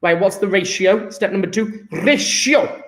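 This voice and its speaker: A man teaching chemistry, working through exam questions aloud, upbeat and thinking out loud as he calculates. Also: sits high, measured pace.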